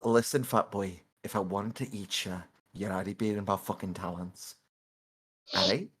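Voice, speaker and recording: Player doing a blunt, threatening predator, lively pitch. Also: fairly quick. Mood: menacing. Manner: coaxing, then threatening, casual swearing. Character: blunt, menacing bird-like woman predator.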